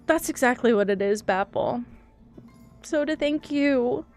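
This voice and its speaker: A young woman chats with her stream viewers in a loose, rambling way, teary but laughing often at herself. Her voice sits a little high, with soft music playing faintly underneath. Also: lively intonation, a little slow. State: teary, crying. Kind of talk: casual live-stream chat.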